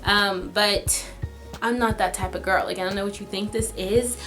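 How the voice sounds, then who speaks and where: Speaking at a moderate pace with medium pitch and fairly even intonation, this young adult woman shares a dramatic, chatty storytime with viewers. Her slightly bright voice leans heavily on "like," over soft background music.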